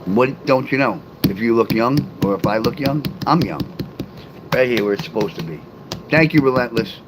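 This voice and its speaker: A man's voice: medium pitch, animated, moderate pace, noisy background. A middle-aged man rambling casually on a livestream, talking straight to his chat and reading their comments aloud. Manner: reads and answers live comments aloud.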